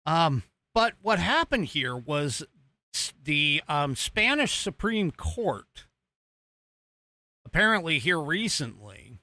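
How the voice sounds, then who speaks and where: A man's voice: a little high, big pitch swings, slow, sharp tone, no room sound. An American man hosting a political podcast, rambling casually with many fillers and restarts while he talks over video footage he is playing. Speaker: podcast host.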